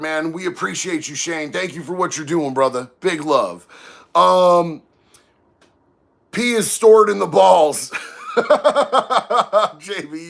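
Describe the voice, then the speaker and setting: A man's voice: high voice, fairly bright tone. A man hosting a casual livestream, reading chat aloud and talking in a laid-back, slangy way. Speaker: livestream host.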